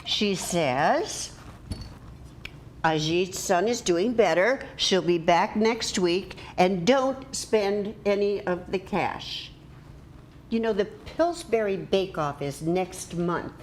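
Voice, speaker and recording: An older woman as a dry, sarcastic friend, drawling slow delivery, faint room noise behind. Her teasing lands flat and knowing. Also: medium pitch, close to an everyday voice.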